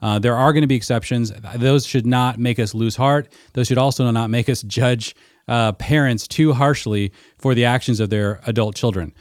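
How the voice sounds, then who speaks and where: A man's voice: mid-range voice, normal speed, no echo, studio quality. A man co-hosting a podcast, explaining at length in an earnest, casual discussion. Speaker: podcast co-host and mentor.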